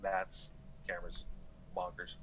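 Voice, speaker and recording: Bright-voiced laid-back game master. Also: male voice, deep voice, completely flat delivery, unhurried, a little hiss or hum, rough recording. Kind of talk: casual chat at the table.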